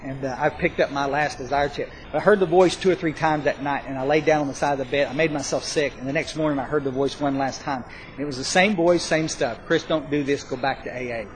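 A man telling his recovery story to a live audience, rambling and self-mocking, with bursts of loud emphasis. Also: a little high, fairly even intonation, fast talker, a little hiss or hum, poor audio. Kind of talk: spoken testimony to a live audience.

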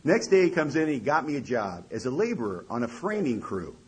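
A middle-aged man telling a self-mocking story to an audience, wry and lively, with a husky voice. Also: mid-range voice, a little fast, low-quality recording. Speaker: recovery speaker.

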